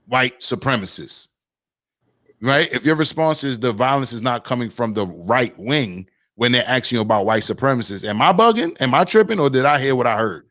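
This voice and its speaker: Animated man hosting a rant podcast. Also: mid-range voice, dry recording. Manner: animated, fires off rhetorical questions. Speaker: podcast host.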